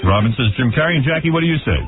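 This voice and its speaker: A man's voice: medium pitch, animated, racing, music in the background. A man hosting a talk radio show, brash and joking, telling stories about his father. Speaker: radio host. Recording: tinny phone-like radio audio.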